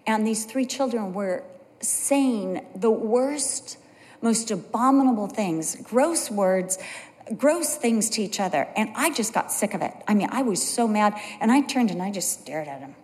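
A woman's voice: mid-range voice, expressive, a little slow, a little mellow, big-room sound. A middle-aged woman preaching a sermon, telling stories with earnest conviction. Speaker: pastor's wife preaching.

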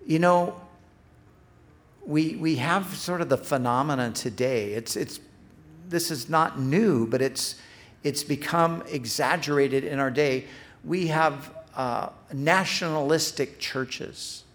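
A man's voice: fairly high pitch, takes it slowly, fairly bright tone. A middle-aged man preaching a sermon as pastor. He speaks earnestly, building emphasis on repeated phrases, and restarts his sentences when he speaks off the cuff.

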